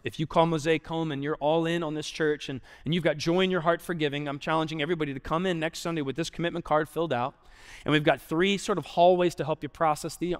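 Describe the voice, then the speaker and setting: A young adult male pastor giving an earnest, conversational sermon that drops quiet for emphasis. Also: on the high side. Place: large church auditorium. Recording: long hall reverb.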